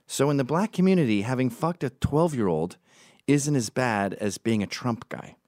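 A man's voice: medium pitch, normal speed, no room sound, studio quality. A man telling stories in a casual monologue, rambling, swearing and going off on tangents while acting out the people he quotes. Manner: rambling, profane, goes off on tangents; lively, acts out quoted voices.

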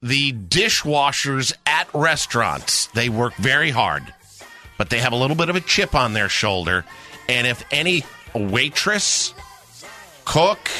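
A male radio host taking calls and telling a story from his restaurant days in a chatty, animated way. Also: medium pitch. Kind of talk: call-in radio show hosting.

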